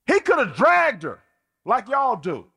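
A man preaching a sermon in an animated, colloquial, playful way. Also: very high voice, a little slow, gravelly, slightly rough. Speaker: pastor.

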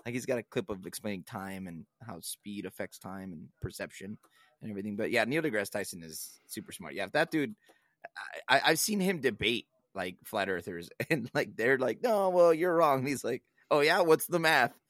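A man's voice: fairly low pitch, expressive, brisk, a bit bright, no echo, studio quality. A young man co-hosting a podcast in casual chat, rambling and swearing often, laughing at his own stories. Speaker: podcast co-host.

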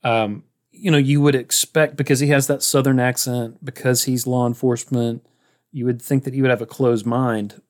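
A male podcast host chatting casually with a co-host. He has a middle-pitched, everyday voice and retells scenes in a rambling way, with a chuckle along the way. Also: fairly even intonation, moderate pace, a little mellow. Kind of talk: casual chat.

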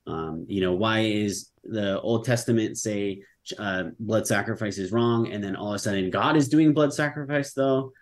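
A man's voice: on the low side, moderate pace. A young man in a casual online debate, talking loosely and filling his speech with "like" and "um". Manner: loose, filler-heavy speech with many "like"s and "um"s.

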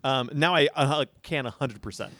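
A man in his thirties with a soft voice, co-hosting a podcast in animated, playful casual chat. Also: medium pitch, moderate pace, dry recording. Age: 30s. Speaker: podcast co-host.

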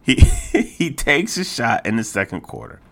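Animated, exasperated male podcast host. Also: measured pace, vocal fry. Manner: animated and exasperated, voice jumps high when worked up; casual, repeats phrases and stammers into restarts. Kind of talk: solo sports podcast commentary.

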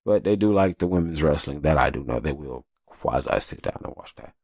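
A man with a very low, gravelly voice talks through a casual podcast monologue full of profanity and asides. His voice sounds dry and close, with little room sound. He talks in his thirties' easy, chatty manner. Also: animated, fairly quick, a little mellow, dry recording. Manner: loose, profane and chatty, with frequent "you know what I'm saying". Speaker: podcast host.

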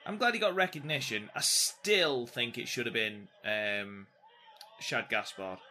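A young man co-hosting a watchalong podcast, excitable and sweary, quick to laugh. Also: mid-range voice, a little hiss or hum. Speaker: podcast co-host. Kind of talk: casual watchalong chat.

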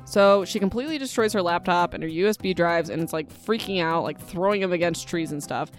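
A woman's voice: fairly low pitch, fairly quick, faint music behind. A young woman casually retelling a novel's plot as a podcast host, chatty and emotional, with lots of fillers and side comments. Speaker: podcast host recapping a book. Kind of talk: casual book recap chat.

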